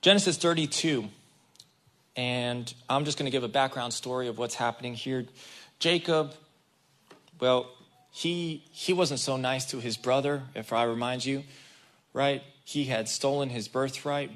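A man's voice: mid-range voice, steady tone, moderate pace. A man preaching a conversational sermon, talking straight to the congregation and acting out the people in the story. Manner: casual and chatty, addresses the congregation directly. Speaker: guest preacher.

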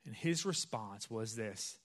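A man giving a conversational sermon, telling a personal story in a casual, chatty way with frequent pauses and restarts. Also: on the low side, expressive. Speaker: pastor.

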